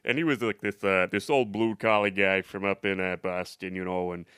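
A man hosting a comedy podcast, chatting casually and trading playful puns and quick jokes. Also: deep voice, fairly even intonation, fairly bright tone, clean tone, dry recording, studio quality. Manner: quick-witted, playful wordplay. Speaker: comedian host.

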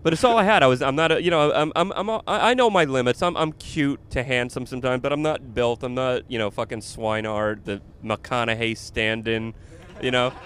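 A man's voice: medium pitch, brisk, fairly bright tone. A man, a comedian, telling a funny story in casual chat and laughing along as he goes. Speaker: comedian and podcast host.

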